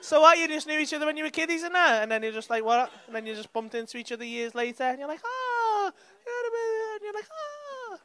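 A man's voice: very high-pitched, steady tone, rapid-fire, hardly any pauses, sharp tone, clean tone. A man doing crowd work at a comedy club, bantering with the audience in brash, sweary, teasing talk. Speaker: stand-up comedian.

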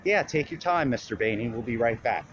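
A woman's voice: a bass voice, animated, brisk, dull audio, a little hiss or hum. A man voicing a kindly female hospital nurse who talks in a friendly, checking-in way. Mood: reassuring.

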